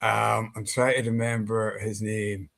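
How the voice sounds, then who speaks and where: A man's voice: on the low side, level tone, measured pace, creaky, a bit bright. A man co-hosting a podcast, telling easygoing stories in casual chat. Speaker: co-host.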